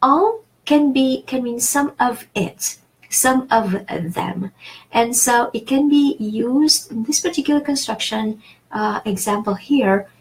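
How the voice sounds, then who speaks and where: A woman's voice: on the high side, takes it slowly, low-quality recording. A woman teaching a French lesson in English, explaining patiently with many fillers and restarts. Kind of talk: online language lesson.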